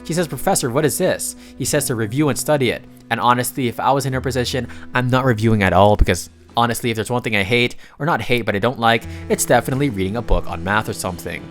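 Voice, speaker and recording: A man narrating a comic story recap in a loose, chatty way, breaking in with excitable asides. His voice sits at an ordinary middle pitch. Faint music plays softly underneath. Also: quick pace, few pauses.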